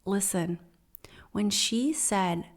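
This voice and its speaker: A woman hosting a spiritual podcast in a casual, earnest way. Her voice sits at a middle pitch, and her storytelling turns animated and heartfelt. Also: extremely slow. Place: home in the Netherlands.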